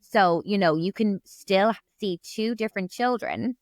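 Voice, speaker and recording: A woman's voice: medium pitch, measured pace, dry recording, clean studio sound. A young adult woman, a speech therapist guest on a podcast, explaining in a chatty, reassuring way with lots of "you know" fillers.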